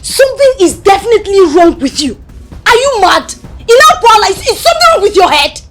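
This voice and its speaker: A woman's voice: on the high side, big pitch swings, moderate pace, roomy sound, faint music behind. A young woman with a Nigerian accent playing a fed-up wife who confronts her idle husband and his mother. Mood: furious. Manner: sharp, confrontational.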